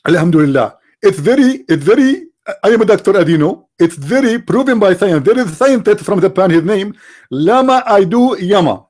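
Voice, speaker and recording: A man's voice: high voice, lively intonation, fairly quick, a little mellow. A man doing a smug preacher posing as doctor. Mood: mock-pious.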